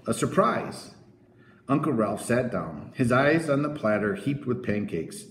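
Expressive male storybook narrator. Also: medium pitch, moderate pace. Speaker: audiobook narrator. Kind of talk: scripted narration of a children's novel. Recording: roomy echo.

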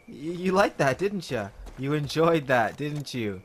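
A man giving casual, jokey commentary while playing a video game, talking to himself and the in-game dog with sudden excited outbursts. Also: fairly high pitch, unhurried, a little hiss or hum. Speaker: gaming video host.

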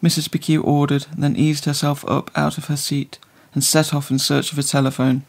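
A man reading a literary story aloud in measured, scripted narration. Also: on the high side, flat delivery, vocal fry. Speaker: audiobook narrator.

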